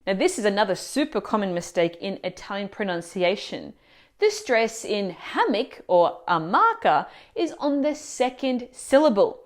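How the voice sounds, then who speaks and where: Woman, language teacher, scripted lesson narration, lively up-and-down delivery, clear explanations. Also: medium pitch, normal speed. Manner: clear, explanatory, asks the viewer questions.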